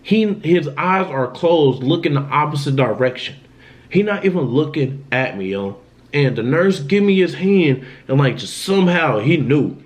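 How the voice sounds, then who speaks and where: A young man vlogging, retelling a frightening personal story in an animated, emphatic way with lots of slang. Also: a little high, moderate pace. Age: young adult. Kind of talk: storytime vlog.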